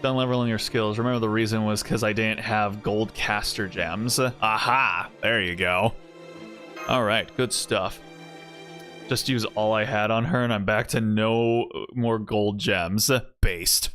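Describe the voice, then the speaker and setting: A man's voice: lowish voice, steady tone, a little slow, a bit bright, soft background music. A man streaming a game, chatting in a rambling way full of fillers and chuckles. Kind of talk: casual gameplay commentary.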